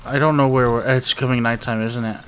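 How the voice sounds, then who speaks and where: A man's voice: mid-range voice, fairly even intonation, a little fast, fairly bright tone, smooth. A young man giving rambling, nervous let's-play commentary to his viewers, often panicking and talking to himself. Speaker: gaming YouTuber.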